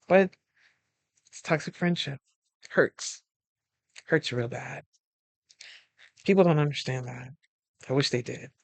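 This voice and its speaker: A male life coach with a fairly high-pitched, gravelly voice talks casually about friendship on a dry recording. He gives advice as an animated storyteller, acting out his friends' voices and laughing often.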